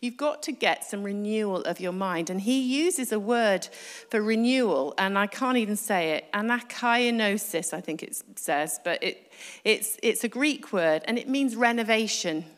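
A woman's voice: medium pitch, lively intonation, moderate pace, big-room sound. A woman preacher giving a conversational sermon, asking her congregation rhetorical questions.

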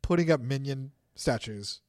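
A man's voice: medium pitch, expressive, moderate pace, a little mellow, a little hiss or hum. A man co-hosting a faith podcast in a studio, chatting casually and laughing often at his own jokes. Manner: laughs often, joking banter. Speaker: podcast co-host. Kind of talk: casual chat.

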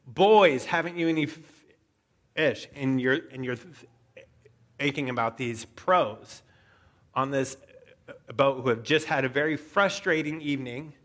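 A man preaching a sermon, telling a story with animated asides and frequent stammered restarts. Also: medium pitch. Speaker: pastor.

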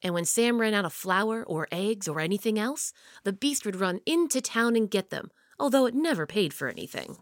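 A woman reads a children's story aloud, steady and expressive, sinking low and quiet for suspense. Her voice sits at an ordinary middle pitch for a woman. The sound is close and dry, with no echo.

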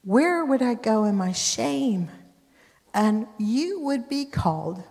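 A woman's voice: fairly high pitch, big pitch swings, slow pace, a little mellow, voice pushed up, exaggerated voice. A woman preacher voicing a desperate young princess pleading with her brother, in a reverberant hall. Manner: pleading, earnest.

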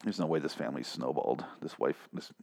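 A man's voice: a bass voice, fast, gravelly, mellow. A man reading an article aloud and mocking it with profane, incredulous rants. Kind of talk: comedic reaction commentary.

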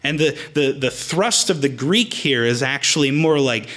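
A man's voice: mid-range voice, lively intonation, moderate pace, few pauses, a bit bright. A man preaching a sermon, explaining the Greek words in the text as he teaches.

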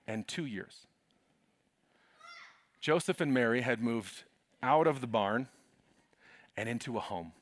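Animated, high-voiced man preaching. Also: no echo. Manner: animated, humorous, calls out to the congregation. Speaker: pastor. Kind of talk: sermon.

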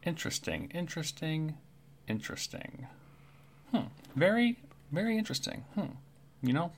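A man's voice: mid-range voice, expressive, a little fast, slight background noise, pitched above the performer's own voice, lightly acted. A man voicing a twitchy, birdlike male kenku who keeps muttering the same words to himself. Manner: repeats phrases, mutters to himself.

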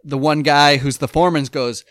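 A man chatting casually as a podcast host, telling rambling, animated stories full of fillers. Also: on the high side, fairly quick, dry recording, studio quality. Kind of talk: casual chat.

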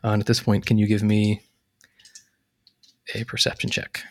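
A man narrating as game master of a tabletop game, relaxed and full of fillers. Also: on the low side, moderate pace, no room sound, clean studio sound. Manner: relaxed, hesitant, lots of fillers.

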